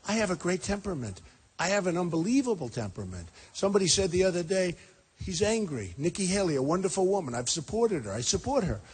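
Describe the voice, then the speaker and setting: A political candidate in his sixties delivers a rambling, emphatic rally speech in a packed high school gym, repeating his points and addressing the crowd directly. His husky voice is very animated and fast.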